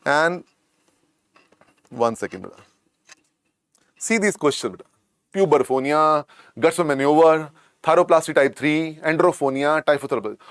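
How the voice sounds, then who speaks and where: A man with an Indian accent and a croaky voice teaches an online medical lecture, repeating points and coaxing students. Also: a little high, normal speed, long pauses, no echo, studio quality. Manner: repetitive, coaxing, calls students "beta".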